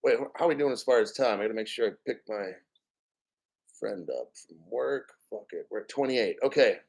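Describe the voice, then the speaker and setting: A man's voice: on the low side, a little fast, creaky, darkish tone. A man in his fifties hosting a crypto channel, chatting casually on a livestream. He swears freely and drifts off into rambling stories. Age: 50s. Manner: rambling, profane, storytelling.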